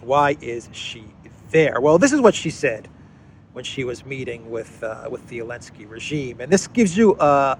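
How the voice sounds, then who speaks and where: A man's voice: mid-range voice, slight background noise. A man hosting a casual news commentary, talking in a sarcastic, mocking way with frequent hesitations and fillers. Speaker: host of a political commentary channel.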